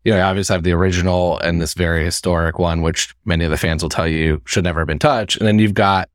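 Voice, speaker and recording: A man hosts a casual interview with a low voice. He asks long, rambling questions at an easygoing pace. His voice is close and dry, with no room sound. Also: fairly even intonation, fast talker, no echo. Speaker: interviewer, podcast host.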